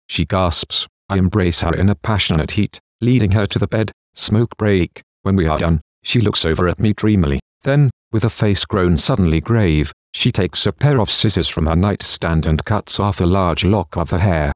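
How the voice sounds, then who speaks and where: A man giving steady, measured first-person audiobook narration. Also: deep voice, no room sound, clean studio sound.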